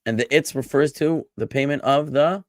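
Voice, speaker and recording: A rabbi teaching a Hebrew class over a video call, lively and chatty, joking with his students. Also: medium pitch, normal speed, no echo, clean studio sound. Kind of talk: online class lecture.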